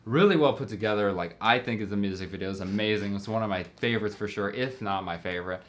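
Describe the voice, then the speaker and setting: A man's voice: lowish voice, fast, fairly bright tone, a little hiss or hum. A young man giving casual reaction commentary as a filmmaker, rambling enthusiastically with lots of fillers, his voice a bit worn from talking. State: slightly worn voice from long talking. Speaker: filmmaker reacting to music videos.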